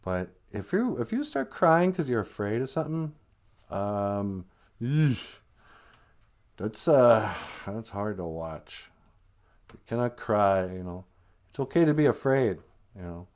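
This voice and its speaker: A man's voice: on the low side, very animated, a little slow, a little mellow. Joking, rambling male livestream host. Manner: rambling, joking, laughs often. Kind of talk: casual monologue.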